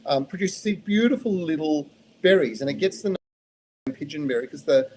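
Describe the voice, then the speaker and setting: An Australian man answering gardening questions on a live stream, chatty and practical, losing his voice and clearing his throat now and then. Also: fairly high pitch, expressive, fairly quick, darkish tone, slight background noise. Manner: chatty and practical, with frequent ums and restarts.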